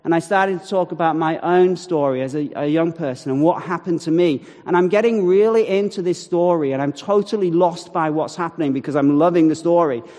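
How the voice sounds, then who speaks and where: A man telling a personal faith story to an audience, animated, with acted-out quotes and wry asides. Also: fairly high pitch, a little fast, few pauses. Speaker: speaker telling a testimony. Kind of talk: storytelling talk. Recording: long hall reverb.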